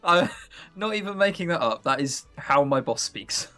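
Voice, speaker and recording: A man's voice: a little high, very animated, normal speed, sharp tone, faint music behind. A man chatting casually on a live game stream, joking and chuckling.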